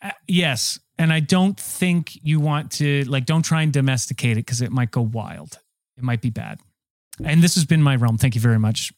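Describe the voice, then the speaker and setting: A man's voice: medium pitch, moderate pace, no room sound. Mock-serious man riffing absurdly.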